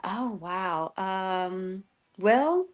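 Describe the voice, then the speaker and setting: A woman's voice: medium pitch, animated, drawn-out words. A woman guest on a video call podcast, talking thoughtfully and gratefully, with frequent ums. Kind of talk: casual testimony chat.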